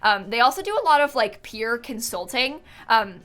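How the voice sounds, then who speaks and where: Soft background music plays under a woman's slightly high, expressive, somewhat bright voice at a moderate pace. She's a streamer building in a game and chatting casually, thinking out loud with lots of fillers and giggles, yawning occasionally because she's tired.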